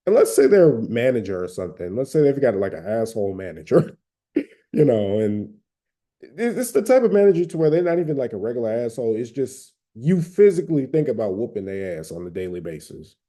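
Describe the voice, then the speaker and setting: Very animated and fairly quick, a Southern-accented man from Atlanta, Georgia, talks in a dark, mid-range voice. He gives conversational, casual advice about getting over a habit, full of fillers and hedges.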